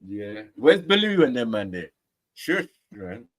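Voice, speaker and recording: A man's voice: medium pitch, very animated, a little slow, a crowd in the background. A man, hosting a stream and teasing a co-host in casual banter. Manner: teasing, slangy, breaks into voices and song. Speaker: livestream host.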